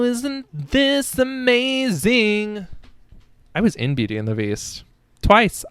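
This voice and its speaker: A man's voice: medium pitch, gravelly, no room sound, clean studio sound. A young adult man hosting a casual comedic book review podcast, rambling with profane, self-mocking asides. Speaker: podcast host.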